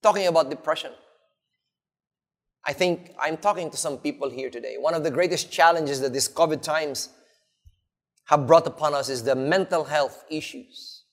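A Filipino male pastor preaching a sermon, dramatic, swinging between loud emphasis and hushed lows. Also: moderate pace, pauses often. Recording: long reverb of a large hall.

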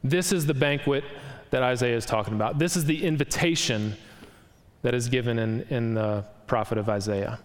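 A man's voice: medium pitch, moderate pace, in a large hall. A man pastor preaching an expository sermon, reading scripture aloud and explaining it verse by verse.

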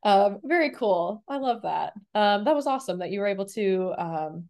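A woman's voice: mid-range voice, animated, normal speed, a little mellow. A young adult woman hosting an interview podcast, chatting enthusiastically with many fillers. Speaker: podcast host, police officer. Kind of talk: casual interview chat.

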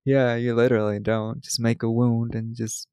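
A man's voice: mid-range voice, level tone, moderate pace, darkish tone, smooth, dry recording. A man co-hosting a podcast, casually retelling film scenes with quoted lines and frequent laughs. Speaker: podcast co-host recapping a film. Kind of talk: casual chat.

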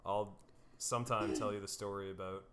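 A woman's voice: very deep voice, steady tone, moderate pace, over a noisy crowd. A woman co-hosting a podcast in casual chat, telling blunt, swearing stories. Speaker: podcast co-host.

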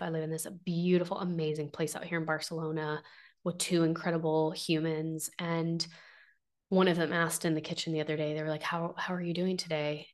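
A young adult woman talks through a personal story on her podcast in a lowish, fairly flat voice. She sounds earnest and heartfelt, emotional and close to tears, and her speech wanders with fillers and restarts. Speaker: podcast host. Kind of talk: personal reflective monologue.

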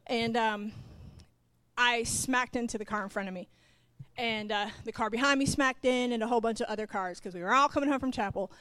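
A middle-aged woman preaches in a bright, fairly high voice and tells a personal story with animated delivery. She acts out both sides of each conversation and turns to ask the congregation questions. The sound is close and dry. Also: a little fast, no echo. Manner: animated, acts out quoted dialogue, talks straight to the congregation. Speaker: pastor's wife, preacher. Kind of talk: storytelling sermon.

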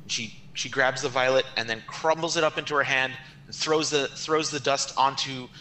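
A man narrating his character's actions in a tabletop game, halting with many restarts. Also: medium pitch, fairly even intonation, bright, forceful tone. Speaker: player.

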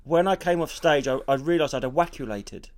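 Comic co-host, lively, slightly high voice, casual storytelling. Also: male voice, fairly quick. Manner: animated storytelling, swearing freely. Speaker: comedian podcast co-host. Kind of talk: casual podcast banter.

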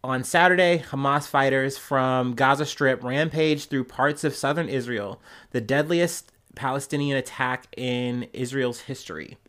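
A man hosting a casual news podcast speaks at a measured pace, his medium-pitched voice fairly bright. Congested and nasal from a cold, he rambles loosely into the microphone, stumbling through fillers and restarts.

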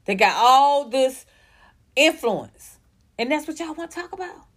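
A young woman ranting profanely as a commentary host, blunt and heated, jumping between fast outbursts and slow stressed words. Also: high-pitched, lively intonation.

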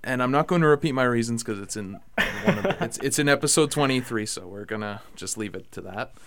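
A young man hosting a casual podcast chat, rambling with many fillers and getting excitable about food. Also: medium pitch, quick pace. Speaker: podcast host.

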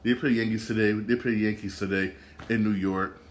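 A man's voice: on the low side, fairly even intonation, moderate pace. A man hosting a casual solo sports podcast, rambling and repeating himself, with bursts of ranting.

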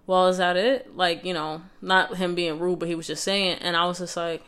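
Smooth, low-pitched young woman vlogger. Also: flat delivery, normal speed, pushed and bright. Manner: conversational, many fillers and restarts. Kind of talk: casual personal storytelling.

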